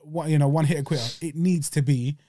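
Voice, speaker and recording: A man's voice: fairly high pitch, fast talker, warm tone, no room sound, studio quality. Slangy man on a sports podcast. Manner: laid-back, slangy, clears throat often. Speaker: podcast co-host. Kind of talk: casual sports chat.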